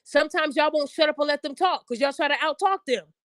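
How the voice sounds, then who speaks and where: On her own podcast, this host talks fast and casually, blunt in tone, raising her voice to act out quotes. She has a high, slightly bright voice, with no echo.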